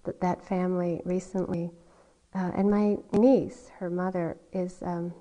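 A woman meditation teacher giving a dharma talk at a retreat, telling a family story with soft laughs before easing into quiet teaching. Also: lowish voice, rough recording. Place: meditation hall.

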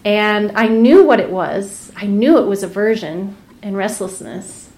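A woman meditation teacher giving a dharma talk, telling a personal story candidly, laughing often and dropping to soft, near-whispered asides. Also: medium pitch, unhurried, reverberant, slight background noise. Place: retreat center meditation hall.

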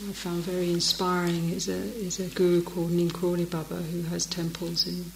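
A woman's voice: fairly low pitch, monotone, brisk, gravelly, a little hiss or hum. A middle-aged woman, giving a dharma talk as a meditation teacher, telling stories and laughing often. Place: meditation hall. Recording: echoey meditation hall.

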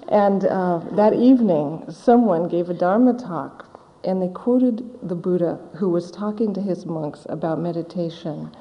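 Meditation teacher, woman, middle-aged; slow, soft-spoken storyteller, recorded in a reverberant hall. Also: lowish voice, heavy background noise. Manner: slow, gentle, reflective storytelling. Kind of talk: dharma talk. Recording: dull audio in a large hall with long reverb.

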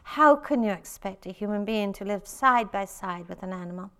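A woman reading a story aloud, voicing a desperate poor man who pleads and laments loudly. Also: medium pitch, measured pace, clear, resonant tone, natural voice. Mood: lamenting. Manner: loud, pleading, lamenting outbursts.

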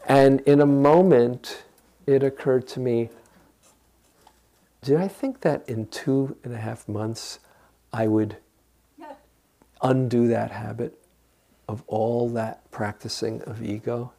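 Older guy giving a dharma talk, gravelly voice, slow and calm. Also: medium pitch. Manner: gentle, unhurried, reflective, guiding listeners. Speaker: meditation teacher.

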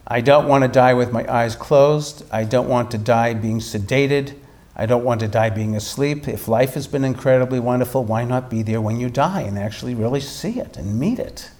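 A man, a meditation teacher, telling a story in a dharma talk with animated delivery and frequent restarts. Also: medium pitch, normal speed, few pauses.

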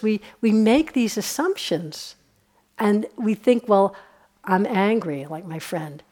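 A woman meditation teacher giving a relaxed, conversational dharma talk on a retreat, often chuckling. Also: medium pitch. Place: retreat center hall.

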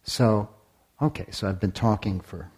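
A man giving a dharma talk as a meditation teacher. He speaks deliberately, sometimes drops to a whisper, and asks the listeners many rhetorical questions. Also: fairly low pitch, a little mellow, slightly rough. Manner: deliberate, with long pauses, sometimes dropping to a whisper.

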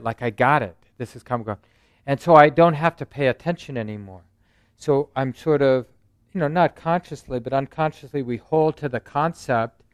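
A man who teaches meditation, giving a relaxed, conversational dharma talk and often checking in with "right?" and "you know". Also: mid-range voice, clear, resonant tone, dry recording, studio quality. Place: meditation center.

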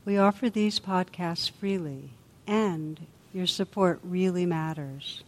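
Woman meditation teacher; low, gentle, unhurried delivery with soft reflective pauses, recorded with a long hall tail. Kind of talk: dharma talk and guided reflection.

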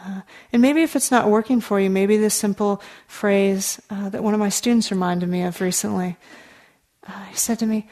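A woman meditation teacher gives a dharma talk to her students. Her voice sits at an ordinary pitch, and her delivery is earnest and conversational. She pauses on easy fillers and now and then drops into a soft aside. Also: steady tone.

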